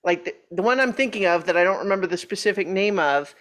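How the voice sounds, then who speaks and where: A woman voice actor takes part in a panel over a video call. She speaks hesitantly, pausing with fillers as she searches for the right words. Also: medium pitch, expressive. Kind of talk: casual panel chat.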